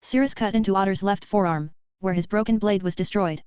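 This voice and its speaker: Lady reading a novel out, steady even delivery, dry dull sound. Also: mid-range voice, fairly quick, smooth, no echo. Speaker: audiobook narrator. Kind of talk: scripted novel narration.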